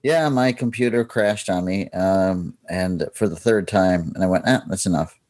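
A man's voice: deep voice, moderate pace, a little mellow, no echo, studio quality. A man co-hosting a podcast, chatting casually and searching for words as he talks. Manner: hesitant, many fillers while searching for words. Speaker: podcast co-host.

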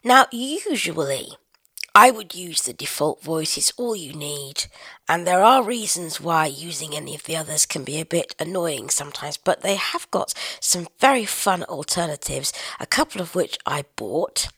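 A woman's voice: low voice, lively intonation, normal speed, sharp tone, husky, dry recording. A woman presenting a chatty, explanatory tutorial, demonstrating an app with a screen reader.

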